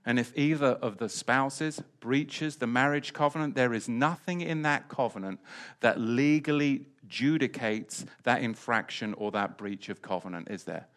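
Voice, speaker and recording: A man's voice: medium pitch, moderate pace, a bit bright. Preacher, male, mid-range voice, emphatic Bible teaching with repeated phrases.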